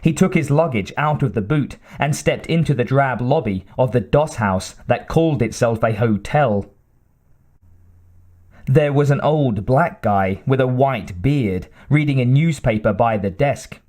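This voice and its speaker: A man narrating an audiobook in a measured, dramatic way with deliberate pauses. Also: mid-range voice, a little mellow.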